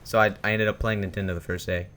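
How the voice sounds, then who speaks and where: Chatty young man with a bright voice. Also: lowish voice, flat delivery, fast talker. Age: young adult. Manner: rambling, chatty, many fillers and restarts. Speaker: vlogger. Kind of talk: casual storytelling.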